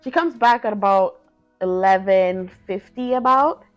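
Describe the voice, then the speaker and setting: A woman's voice: medium pitch, a little slow, smooth, dry recording, faint music behind. A woman vlogger telling a personal story in a casual, chatty way, full of fillers and acted-out quotes. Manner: chatty, filler-heavy, acts out quoted lines. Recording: dull lo-fi sound.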